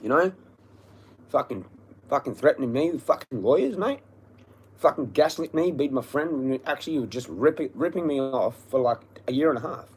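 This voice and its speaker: A man's voice: medium pitch, expressive, brisk, husky. Ranting man on a livestream. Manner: ranting, profane, repetitive. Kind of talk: angry livestream rant.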